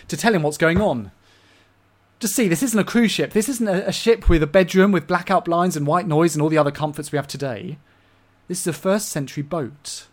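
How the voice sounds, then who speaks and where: Expressive English preacher delivering a sermon. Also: male voice, on the high side. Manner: expressive, swings between loud emphasis and hushed asides.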